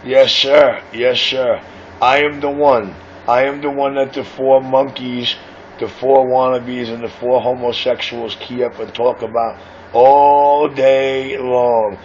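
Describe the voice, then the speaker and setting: A man who runs a radio shop, boasting and taunting rivals over CB radio in a brash, self-important way. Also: medium pitch. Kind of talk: CB radio banter. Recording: muffled CB radio audio with faint hiss.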